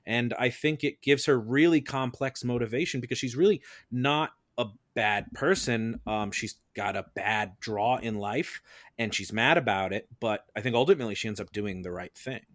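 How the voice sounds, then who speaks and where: A man on a podcast, arguing his case in a measured, explanatory way and building it step by step. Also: mid-range voice, fairly bright tone, no room sound, studio quality. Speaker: defense advocate on a mock-trial film podcast. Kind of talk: casual podcast debate.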